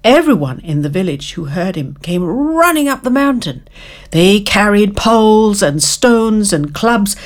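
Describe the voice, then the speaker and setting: Woman storyteller, slow and very expressive storybook narration. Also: medium pitch. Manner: expressive, drawn-out reading.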